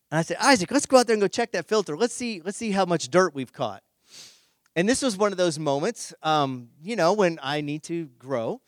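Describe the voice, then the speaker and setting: A middle-aged male pastor with a high voice for a man, preaching in a relaxed, conversational way. He tells humorous stories with lively energy. The sound is close and dry, with no room echo. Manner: animated, humorous storytelling. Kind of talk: conversational sermon with personal story.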